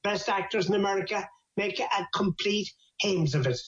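A man's voice: sits high, normal speed. Irish man telling folk tales, roomy room, dull lo-fi sound, playful. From Ireland. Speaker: storyteller. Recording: roomy, slightly dull recording.

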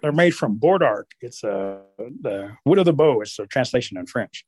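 A man's voice: mid-range voice, expressive, normal speed, darkish tone, breathy edge, no echo. A man, telling folksy stories in casual conversation. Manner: folksy, with playful animal voices. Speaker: storyteller. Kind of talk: casual storytelling.

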